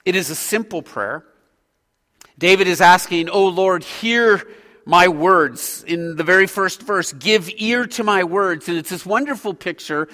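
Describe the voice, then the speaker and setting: A man preaching a sermon as a pastor, earnest and measured, pausing between phrases. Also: high voice, bright, forceful tone. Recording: hall reverb.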